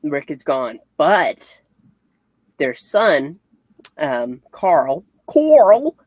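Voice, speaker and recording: A woman's voice: extremely low pitch, animated, drawn-out words, dry recording. A woman co-hosting a comic review, chatting casually and hesitantly as she retells scenes. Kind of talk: casual chat.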